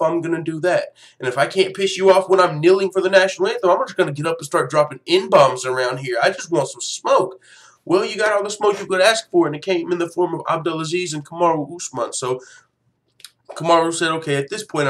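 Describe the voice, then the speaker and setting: A man hosting a fight news show, ranting casually with lots of swearing and laughter. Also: fairly high pitch. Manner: profane, animated, laughs often. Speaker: MMA news show host. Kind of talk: casual commentary rant.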